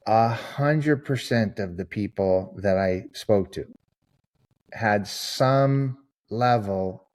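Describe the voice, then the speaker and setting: A man's voice: fairly low pitch, a little mellow. Earnest man telling stories. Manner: earnest storyteller, acts out quoted people. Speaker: author and podcast guest. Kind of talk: conversational interview answer.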